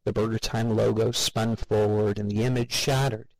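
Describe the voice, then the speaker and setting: A man narrating an audiobook in a measured, wry way. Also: lowish voice, level tone, creaky, dry recording, rough recording.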